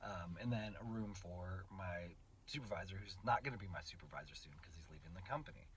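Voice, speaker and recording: A young man talking through a rambling, emotional personal vlog, halting with many restarts and fillers. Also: deep voice, fairly bright tone, slight background noise, low-quality recording. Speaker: vlogger.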